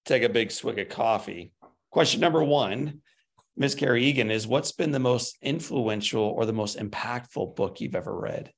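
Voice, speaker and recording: A man hosting an interview, thanking his guest and asking his questions in a friendly, relaxed way. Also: medium pitch, moderate pace. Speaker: podcast host.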